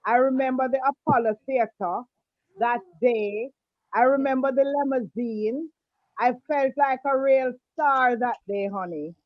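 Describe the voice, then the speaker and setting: A woman's voice: sits high, a little slow, dry recording. A woman on a video call, affectionately calling people darling and honey as she recalls old times. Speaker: guest. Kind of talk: casual video call chat. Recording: dull, dry video call audio.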